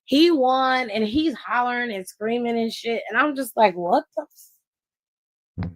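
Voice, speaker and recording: A woman hosts a casual wrestling recap stream with a sassy, profane delivery. Her voice sits a little high. It sounds close and dry, with no room around it. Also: moderate pace, dry recording, poor audio. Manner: sassy and profane, with frequent laughs. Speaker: wrestling aftershow host.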